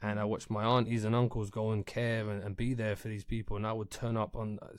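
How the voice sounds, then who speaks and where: A man's voice: lowish voice, little pitch movement, fast, clean tone, dry recording, studio quality. A young man hosting a podcast, chatting casually in a rambling, sweary and heartfelt way. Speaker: podcast host.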